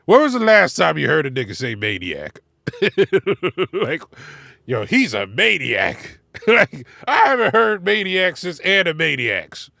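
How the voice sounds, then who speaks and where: A man giving casual, animated reaction commentary from inside his car, laughing and swearing as he critiques. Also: on the high side, takes it slowly, gravelly, no room sound, studio quality. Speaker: music reaction vlogger.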